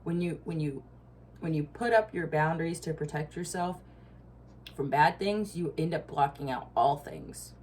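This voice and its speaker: A woman's voice: low voice, moderate pace, darkish tone, a little hiss or hum. A woman giving a casual tarot reading, blunt and profane, with frequent asides and laughs. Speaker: tarot reader.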